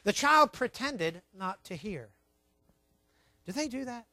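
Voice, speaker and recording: A man preaching a sermon, emphatic and repetitive, telling his listeners to write points down, swinging between quiet asides and loud stressed words. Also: high voice, very animated, a little slow, no echo. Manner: emphatic, repeats key points, tells listeners to write things down. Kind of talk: sermon on child training.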